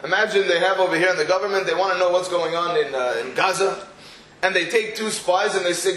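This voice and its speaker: A man's voice: sits high, a little fast, bright, forceful tone, reverberant, a little hiss or hum, low-quality recording. A man, giving a weekly Torah class. He poses rhetorical questions and breaks into storytelling asides. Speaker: Torah teacher.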